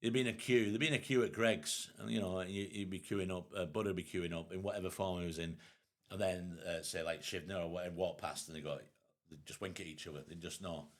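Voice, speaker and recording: A man's voice: deep voice, fast talker. A man co-hosting a casual podcast, rambling and restarting, with some swearing. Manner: lively, rambling, with stop-start restarts and swearing. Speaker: podcast co-host. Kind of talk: casual pub-style chat.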